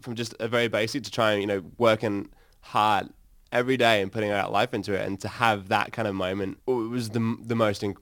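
A man, a band's singer, telling animated stories in an interview, laughing and acting out his own reactions. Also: lowish voice, a little fast, hardly any pauses, no echo, clean studio sound. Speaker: band singer. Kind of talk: casual interview storytelling.

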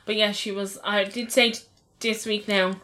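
A woman's voice: mid-range voice, level tone, moderate pace, bright, forceful tone. A young woman co-hosting a podcast, chatting casually and telling stories with trailing fillers. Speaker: podcast co-host. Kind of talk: casual chat.

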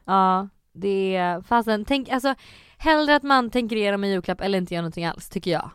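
Young woman co-host, casual rambling chat, crisp resonant voice, dead-dry room. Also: medium pitch, lively intonation, brisk, dry recording. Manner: chatty, many fillers and restarts. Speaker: podcast co-host.

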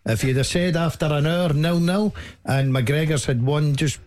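A man's voice: on the high side, moderate pace, darkish tone. A man analysing a football match as co-commentator, plain-spoken and emphatic.

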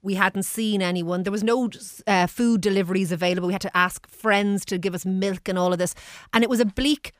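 A woman's voice: mid-range voice, steady tone, fairly quick, no room sound, studio quality. An Irish woman speaking as a radio panellist, wry and mock-indignant.

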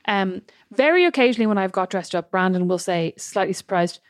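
A woman with an Irish accent co-hosting a podcast, telling animated stories with exasperated asides. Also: mid-range voice, brisk, no echo, studio quality. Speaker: podcast co-host. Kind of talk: casual chat.

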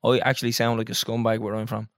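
A man's voice: lowish voice, completely flat delivery, fast talker, clean tone, no room sound, clean studio sound. A young man with an Irish accent, co-hosting a podcast in casual, teasing banter and laughing often. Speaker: podcast co-host.

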